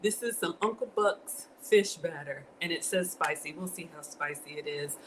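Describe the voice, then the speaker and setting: A woman's voice: low-pitched, normal speed, background noise. A middle-aged woman with a Southern US accent, chatting casually to live viewers while cooking in her home kitchen. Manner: chatty, greets viewers by name, reads out comments. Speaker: home cook streaming live. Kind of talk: casual livestream cooking chat.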